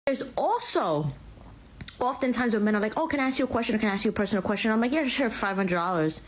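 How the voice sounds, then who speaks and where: A woman's voice: on the high side, expressive, quick pace. A woman telling a story to her followers in a smug, boastful way. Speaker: social media poster. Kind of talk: casual storytelling to camera.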